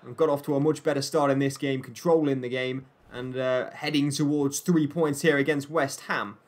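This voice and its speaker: A man's voice: mid-range voice, steady tone, moderate pace. A young man playing a football video game, commentating on the match in a mock broadcast style with joking asides and bursts of frustration. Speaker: gaming YouTuber.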